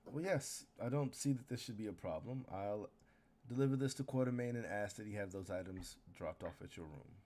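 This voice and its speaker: A man's voice: on the low side, brisk, mellow, natural voice. Man as stern female archmage, clipped, formal, tabletop game.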